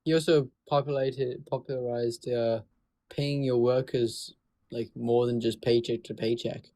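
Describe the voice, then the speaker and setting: A man calmly debating in a casual chat, earnest and a bit halting. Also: medium pitch. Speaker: guest debater.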